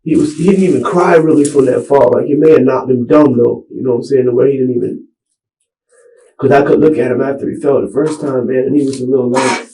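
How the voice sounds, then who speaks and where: A man speaking in a recorded police interview with a dark, mellow voice. He rambles and restarts his sentences, filling gaps with "you know what I'm saying". The old interview tape has an echoey room sound. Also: medium pitch, fairly even intonation, a little fast. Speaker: suspect being interviewed by detectives.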